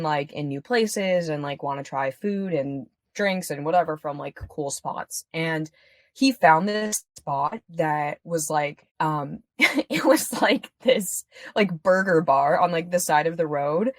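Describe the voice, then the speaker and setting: A woman's voice: deep voice, measured pace, no room sound, clean studio sound. A woman talking candidly as a podcast guest, chatty and full of fillers, swearing freely. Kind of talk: casual podcast conversation.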